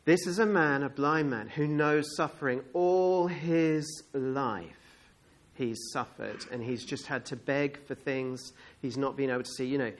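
A man's voice: mid-range voice, unhurried. A man preaching a sermon in a conversational storytelling manner, acting out the scene as he goes.

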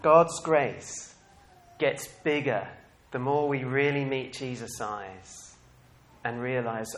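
A man delivers a sermon to his congregation at an unhurried pace, his voice sitting in the middle range. He is lively and laughs a lot, moving between hushed reflection and loud surges of excitement.

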